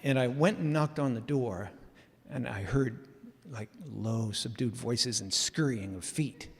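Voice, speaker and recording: A man telling a story live in a casual, animated way with self-mocking humor, heard in a reverberant hall. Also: medium pitch, measured pace, breathy edge.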